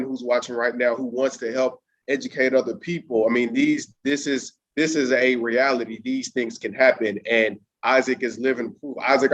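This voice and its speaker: A man's voice: medium pitch, muffled recording. A man hosting an interview, enthusiastic and encouraging toward his guest. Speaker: interview host. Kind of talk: conversational interview.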